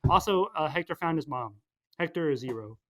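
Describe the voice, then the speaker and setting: A man's voice: a little high, animated. Young man rambling through a goofy movie recap. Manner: goofy, acts out characters in quick silly voices. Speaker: podcast co-host.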